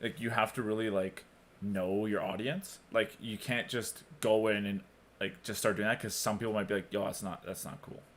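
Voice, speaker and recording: A man's voice: lowish voice, fairly even intonation, normal speed, slight background noise. A man on a casual podcast, talking frankly and rambling with lots of filler words. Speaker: podcast co-host.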